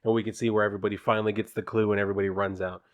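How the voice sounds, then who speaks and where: A man's voice: lowish voice, level tone, very fast. A man casually recapping a comic book issue in a loose, rambling way, with fillers and the odd swear word.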